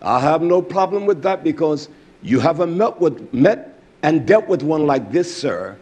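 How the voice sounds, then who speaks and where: A man preaching a fiery sermon, swinging from loud outbursts to low murmurs, with a husky voice. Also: expressive, measured pace.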